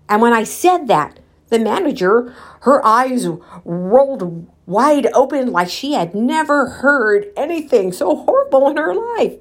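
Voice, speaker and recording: Slow-talking woman telling a story. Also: a little high. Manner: candid, animated retelling with quoted dialogue; addresses viewers directly as guys. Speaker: vlogger. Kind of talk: storytelling while walking.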